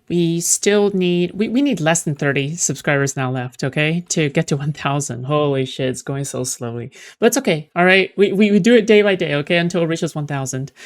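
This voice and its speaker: A woman talks to her stream audience in a loose, rambling way, checking in with a "okay?" after nearly every thought. Her voice sits very low for a woman and comes through smooth and resonant. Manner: rambling, keeps tagging "okay?". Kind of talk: casual livestream chat.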